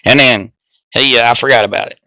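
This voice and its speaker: A man's voice: medium pitch, fairly even intonation, fairly quick, bright, forceful tone, no echo. A man, a podcast guest telling crude stories in casual chat and laughing through them.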